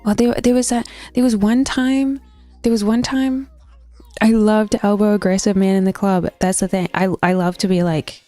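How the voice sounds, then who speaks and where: A woman's voice: mid-range voice, fairly even intonation, moderate pace, warm tone, soft background music. A young woman streaming a game and chatting casually, telling stories bluntly, swearing freely and laughing between them. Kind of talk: casual chat on a gaming stream.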